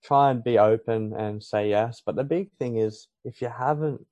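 A man's voice: mid-range voice, normal speed, mellow, no room sound, highs cut off. A man in his thirties with an Australian accent, chatting casually as a podcast guest, with plenty of fillers, restarts and laughs. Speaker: podcast guest, English teacher. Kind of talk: casual interview chat.

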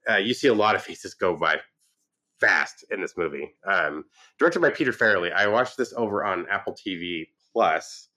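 A man casually reviewing a movie, retelling the plot with lively acted-out quotes and frequent restarts. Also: low-pitched, normal speed. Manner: animated retelling, acts out quoted lines. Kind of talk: casual film review chat.

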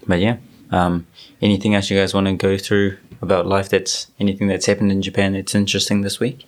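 A man hosting a podcast in casual chat, easygoing and relaxed with lots of fillers. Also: deep voice, brisk. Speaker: podcast host.

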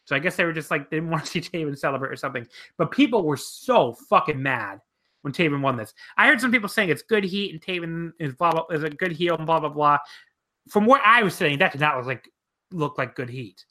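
A woman's voice: sits low, fairly quick. A woman co-hosting a casual wrestling chat, telling stories with lots of swearing and cackling laughs. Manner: profane, animated storytelling, cackling laughs.

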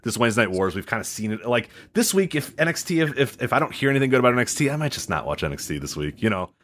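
Fast, lively low-voiced podcast co-host. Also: male voice. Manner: quick, animated, profane, laughs easily. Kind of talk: casual podcast chat.

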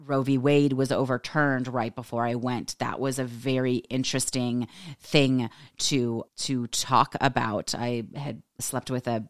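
Very low-voiced Californian woman. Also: no room sound, clean studio sound. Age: 40s. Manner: fast-talking, says "like" a lot, animated. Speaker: podcast host. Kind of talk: casual storytelling.

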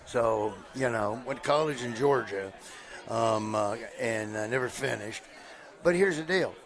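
A middle-aged man from southeast Nebraska, a comedian guest, telling stories in a casual interview and jumping up loud and high whenever he quotes someone. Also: measured pace. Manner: animated storyteller who jumps up loud and high when quoting people.

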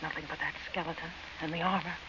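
Actress as a frightened young woman, hushed and uneasy, 1940s radio drama, dull hissy old recording. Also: deep voice, little pitch movement, fast talker, natural voice. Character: young woman, frightened companion at night camp.

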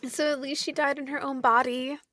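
A woman co-hosting a podcast, chatting casually and retelling a comic story in an animated way, swearing freely. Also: sits high, a little fast, dry recording, clean studio sound. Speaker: podcast co-host. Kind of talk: casual chat.

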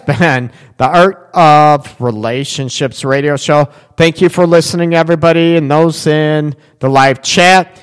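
A man's voice: on the high side, a little slow, smooth, long reverb tail. A man hosting a relationship radio show, talking bluntly in a rambling, casual way full of fillers.

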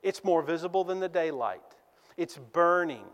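A man preaching a sermon as pastor, slow and deliberate, leaning on emphatic repetition. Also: a little high, lively intonation, a bit bright, in a large hall.

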